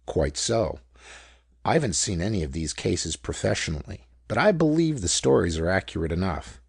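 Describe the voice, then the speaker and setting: A man voicing an excitable male country doctor who answers in a flat, practical way and then breaks into loud disbelief. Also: sits low, moderate pace, gravelly, husky, no room sound, clean studio sound, full character voice. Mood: matter-of-fact. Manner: incredulous, exclaiming.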